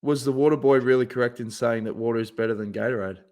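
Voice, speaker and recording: A man's voice: medium pitch, fairly even intonation, fast talker, a little mellow. A man hosting a podcast, chatting and telling stories with laughter. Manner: laughing, storytelling banter. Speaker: podcast host. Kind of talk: casual chat.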